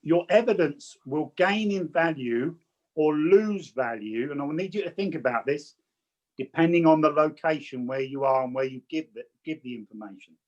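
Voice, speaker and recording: A man's voice: fairly high pitch, lively intonation, normal speed, darkish tone, lo-fi sound. Chatty Englishman teaching over a video call. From England. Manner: stammering restarts, chatty and direct. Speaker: spiritualist medium teaching. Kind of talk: online teaching talk with anecdotes.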